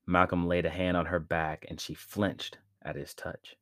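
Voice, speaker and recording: A man reading a story aloud as a podcast narrator, in a measured, dramatic way. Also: low voice, little pitch movement, fairly bright tone, dry recording, studio quality.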